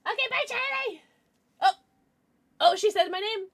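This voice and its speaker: A woman streaming live, chatting casually with viewers and cooing over her pets. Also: very high-pitched. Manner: bubbly, coos over her pets, laughs often. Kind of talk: casual livestream chat.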